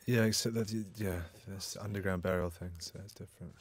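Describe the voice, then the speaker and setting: A man's voice: low voice, fairly even intonation, brisk, a crowd in the background. A man from the United Kingdom chatting in a film commentary, adding short remarks. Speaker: filmmaker.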